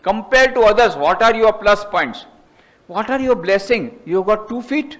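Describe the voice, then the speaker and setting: A man with an Indian accent, a monk giving a lecture, emphatic and repetitive, climbing high in pitch to stress his points. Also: lively intonation, normal speed, fairly bright tone.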